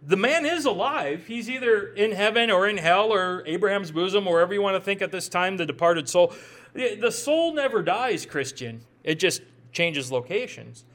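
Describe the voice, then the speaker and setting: A man's voice: high-pitched, animated, moderate pace, fairly bright tone. A man with a Midwestern accent preaching a sermon as pastor, conversational, often repeating words as he thinks aloud and adding joking asides.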